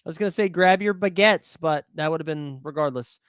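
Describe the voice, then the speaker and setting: Male stream host, fairly high voice, close dry mic, excitable and chatty with his chat. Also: brisk, clear, resonant tone, no echo. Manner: excitable, talks to chat by name, thinks aloud. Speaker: fantasy sports live-stream host. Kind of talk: casual live-stream chat.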